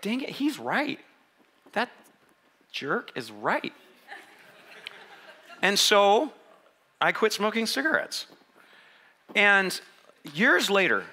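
A man preaching to his congregation, cracking jokes and playing out both sides of his story. His voice sits high and very bright, and his pitch leaps up and down as he performs. He sounds middle-aged and quick to laugh. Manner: animated, joking storyteller acting out voices. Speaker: pastor. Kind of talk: sermon.

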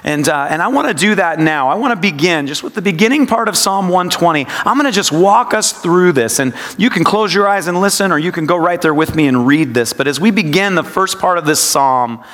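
A man leading a quiet, meditative sermon, his somewhat high voice drawn out slowly and reflectively. The words ring with a long reverb, as if spoken in a large hall. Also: expressive. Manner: slow, reflective, repeats lines with shifting emphasis. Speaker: pastor. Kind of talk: devotional sermon with guided scripture meditation.

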